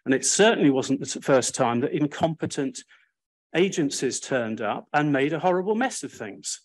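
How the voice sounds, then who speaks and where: A man's voice: mid-range voice, animated, normal speed. An older man speaking on a panel, recounting history in a wry, self-deprecating and emphatic way. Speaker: panel speaker, Sphere's first chair.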